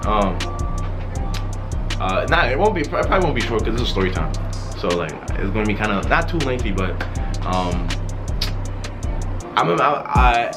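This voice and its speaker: A young man telling a casual storytime vlog, excited and rambling, restarting his sentences often. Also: on the low side, moderate pace, long pauses, over music. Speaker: vlogger. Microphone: wearing a mask while talking.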